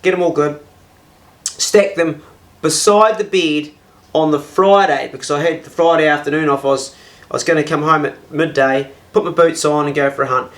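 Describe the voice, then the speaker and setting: A man's voice: a little high, fairly even intonation, normal speed, a bit bright. A man in his fifties with a New Zealand accent, telling a casual anecdote in a blunt, exasperated way. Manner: blunt, exasperated, swears freely. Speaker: storyteller.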